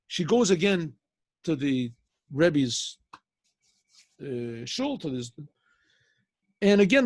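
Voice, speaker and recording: Husky, high-voiced rabbi telling a story. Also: male voice, dry recording. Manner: casual, with restarts and frequent throat clearing. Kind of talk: storytelling lesson.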